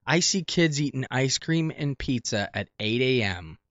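A man from Italy chats as a comedian guest, easygoing and quick to laugh. His voice is bright, and his pitch rises and falls a lot. The recording is dry and a little muffled. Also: animated, no room sound. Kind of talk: casual chat.

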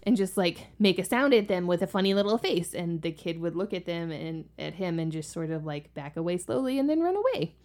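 A woman's voice: fairly low pitch, expressive, a little fast, few pauses, darkish tone. A woman co-hosting a podcast and telling family stories in a casual, chatty way, with lots of likes and ums. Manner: chatty, filler-heavy, many likes and ums. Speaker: podcast co-host and parent. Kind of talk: casual conversational storytelling.

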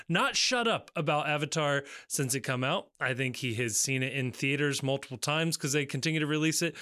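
A man co-hosting a podcast in casual chat, quick to laugh and react. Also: medium pitch, bright, forceful tone, dry recording, studio quality. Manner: laughs often, short reactions. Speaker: podcast co-host.

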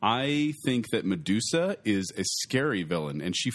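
A man's voice: lowish voice, normal speed. A man co-hosting a casual podcast, joking and bantering while ranking films. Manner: animated, joking, interrupts with running gags. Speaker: podcast co-host.

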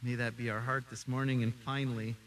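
A middle-aged man preaching a sermon as pastor, animated, acting out quoted voices. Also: mid-range voice, brisk, far from the mic, a little hiss or hum, poor audio.

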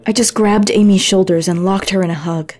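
A woman narrating a story in first person, gentle and intimate. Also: mid-range voice, steady tone, a little fast.

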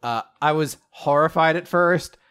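A young man co-hosting a podcast, casually recapping an anime, animated, swearing and acting out quotes. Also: on the high side, measured pace, clear, resonant tone. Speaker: podcast co-host.

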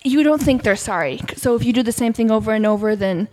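A woman's voice: a little high, quick pace, a little mellow, slight background noise. A woman on a podcast, telling about a children's lesson in a casual, eager, run-on way.

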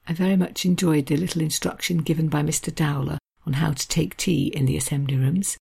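A woman hosting a narrated talk with readings, in a measured, genteel and appreciative manner. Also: low-pitched, steady tone, vocal fry, a little mellow, husky. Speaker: host.

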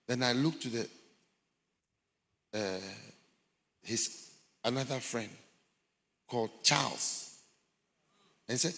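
A bishop preaches a sermon in a slow, medium-pitched, slightly bright voice with long pauses, the long reverb of a hall around him. He retells a story dramatically, acting out the voices of the people in it.

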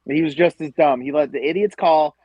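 A man's voice: fairly high pitch, brisk, slightly rough, no echo, lo-fi sound. A man from Western New York, ranting with lots of profanity as a guest in a casual podcast chat. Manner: profane, ranting, animated storytelling. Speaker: guest, tailgate group leader.

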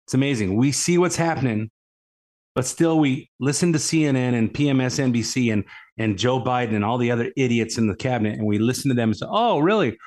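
A man's voice: mid-range voice, fast talker, darkish tone. A man hosting a political commentary show, talking in a casual, rambling way that repeats words and leans on "uh", scornful toward his opponents. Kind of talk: casual opinion monologue.

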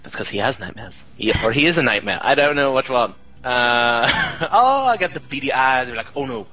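A Northern Irish man co-hosts a podcast with a bright, forward tone. He teases his partner and keeps pulling the talk back to the topic. Faint music sits under his voice. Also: mid-range voice, lively intonation, moderate pace. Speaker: podcast co-host. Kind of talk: casual chat.

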